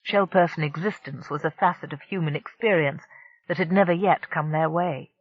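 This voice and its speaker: An audiobook narrator reading a science fiction novel in a steady storytelling manner. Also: mid-range voice, normal speed, no echo, highs cut off. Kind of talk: scripted narration.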